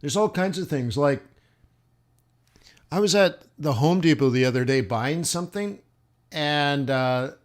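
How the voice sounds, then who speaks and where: A man's voice: a little high, lively intonation, unhurried, pauses often. A man chatting casually while running a live trading stream, rambling with many fillers and restarts. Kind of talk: casual livestream chat. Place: southern United States.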